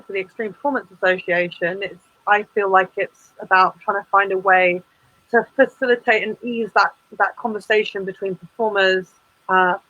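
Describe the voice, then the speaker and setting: A woman's voice: on the high side, pushed and bright, no room sound, lo-fi sound. A woman performance artist chatting as an interview guest, with lots of fillers and restarts. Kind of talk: casual interview chat.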